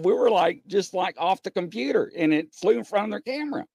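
Male guest, gravelly, animated delivery, dry recording. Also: high voice, fairly quick, few pauses, no echo. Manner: excitable, repeats himself, shouts when retelling stories. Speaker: paranormal investigator guest. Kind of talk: casual chat.

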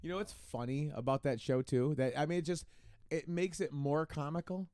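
A man's voice: on the high side, moderate pace, a little mellow, no echo, clean studio sound. A man co-hosting a casual podcast, retelling funny scenes and acting out the lines with laughs. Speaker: podcast co-host. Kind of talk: casual chat.

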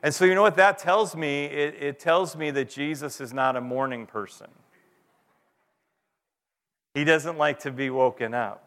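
A man in his thirties preaching a conversational sermon as pastor, with dramatic pauses and gentle self-deprecating humor. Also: a little high. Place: church sanctuary. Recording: long reverb of a large hall.

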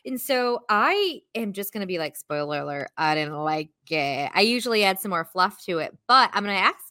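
Animated, bright-voiced woman co-host. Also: mid-range voice, normal speed. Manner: chatty, animated, apologetic, laughs often. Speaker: podcast co-host. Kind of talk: casual chat.

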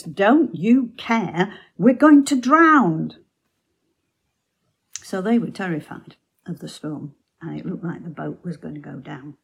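Woman giving a bible talk, slow, gravelly, husky, low voice, hushed storytelling. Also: rough recording. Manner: slow storytelling, drops to soft near-whispers. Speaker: Bible teacher.

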